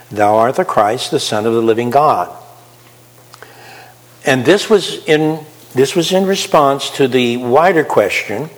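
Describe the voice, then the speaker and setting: A man preaching a sermon, talking conversationally and putting questions to his listeners. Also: medium pitch. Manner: conversational, asks the audience questions. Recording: reverberant hall.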